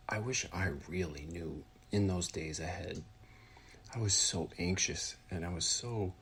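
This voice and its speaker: Very deep-voiced grieving man. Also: slight background noise. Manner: halting, with many pauses and restarts; drops to a soft whisper at times. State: grieving, voice heavy with emotion. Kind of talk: heartfelt personal account.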